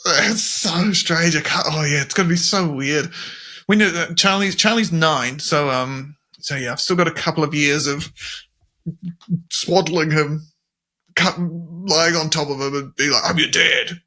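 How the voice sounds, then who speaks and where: A man's voice: a little high, unhurried, pushed and bright. A comedian in his thirties, a guest on a podcast, talking casually and enthusiastically and laughing often. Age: 30s. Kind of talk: casual conversation.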